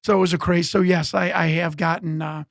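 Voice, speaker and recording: A man's voice: on the high side, little pitch movement, a little fast, vocal fry, no echo, studio quality. A middle-aged man from the United States, an interview guest telling rambling anecdotes full of acted-out quotes and restarts. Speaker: interview guest, former pro wrestler. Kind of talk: casual storytelling.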